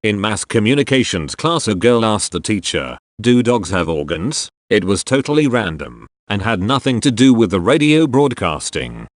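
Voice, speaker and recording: A man narrating posts for a Reddit story channel, reading them aloud with a deadpan tone and dry asides. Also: lowish voice, normal speed, few pauses.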